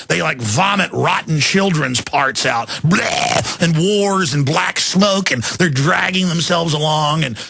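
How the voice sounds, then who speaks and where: Gravelly man ranting on talk radio. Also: a little high, bright, forceful tone, no room sound, clean studio sound. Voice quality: gravelly, raspy. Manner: mocking, mimics voices, laughs mid-rant. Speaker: radio talk show host. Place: radio studio.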